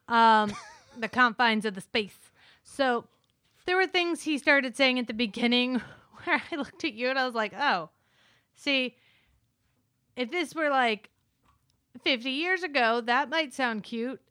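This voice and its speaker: Woman, casual movie review chat, chatty with fillers, higher pitch, dry close mic. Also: measured pace, pushed and bright, clean tone, no room sound. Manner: chatty, filler-heavy, retells scenes with quoted dialogue. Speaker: podcast co-host.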